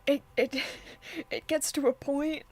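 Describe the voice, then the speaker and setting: A woman's voice: high-pitched, steady tone, slow, darkish tone. A young woman streaming a visual novel, reacting in an exasperated way with frequent sighs and fillers. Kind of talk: casual gameplay commentary.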